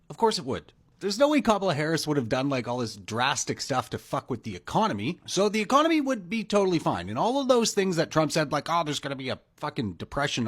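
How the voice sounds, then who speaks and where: A man giving casual, sarcastic political commentary with profanity. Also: a little high.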